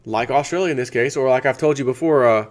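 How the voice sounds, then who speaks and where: A man's voice: mid-range voice, fast, slight background noise. An American man hosting his own channel, casually chatting through a sponsor segment and thinking aloud with restarts. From United States. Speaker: channel host.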